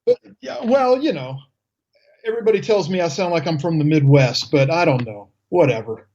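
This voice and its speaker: A man's voice: a little high, expressive, moderate pace, darkish tone, lo-fi sound. A man of about fifty hosting a radio talk show in a casual, easygoing way, rambling a little and dropping offhand asides.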